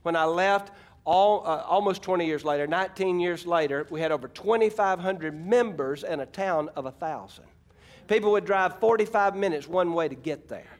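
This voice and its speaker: A man's voice: high voice, normal speed. A middle-aged man from Arkansas, preaching a folksy, emphatic sermon and calling out to his congregation. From Arkansas, USA. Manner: folksy, emphatic preaching with audience call-outs. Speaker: pastor.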